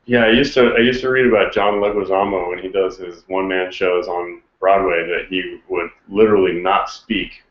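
A male host asks relaxed questions in a casual interview. His voice is very deep. The recording is roomy and dull. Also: normal speed, hardly any pauses. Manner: relaxed, asks questions, gives short backchannel replies.

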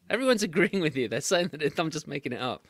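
Playful English man with a lively voice. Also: fairly high pitch, quick pace, husky. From England. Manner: playful, teasing. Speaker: host. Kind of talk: casual video call interview. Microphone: video call.

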